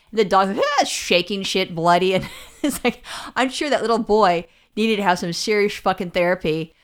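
A woman with a fairly low voice tells her stories bluntly, swearing freely and restarting her sentences. Her talk is loose, casual chat. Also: normal speed, smooth. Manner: profane, blunt storyteller with many restarts. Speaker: podcast co-host.

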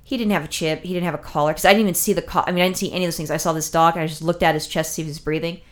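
Woman, low-ish and quick, rambling emotional storyteller, casual chat. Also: fairly even intonation. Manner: rambling, with many fillers and restarts; emotional, recounting distress.

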